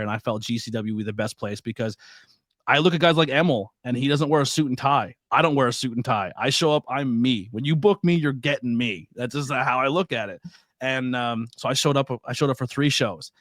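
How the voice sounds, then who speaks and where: A man's voice: mid-range voice, expressive, a little fast, a bit bright, no room sound. A man from Pennsylvania hosting a podcast, telling stories animatedly, swearing freely and laughing often. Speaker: podcast host. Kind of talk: casual interview chat.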